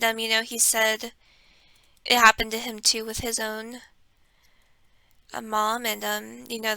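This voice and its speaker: A woman talking casually about her life in an airy, breathy voice, soft and halting, sometimes slipping into a whisper. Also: on the high side, no echo. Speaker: content creator. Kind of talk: casual personal talk.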